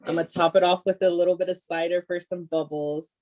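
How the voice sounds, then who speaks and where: A woman's voice: lowish voice, a little fast, a little hiss or hum. A woman co-hosting a podcast, telling stories in casual chat with plenty of swearing. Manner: profane, animated storytelling. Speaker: podcast co-host.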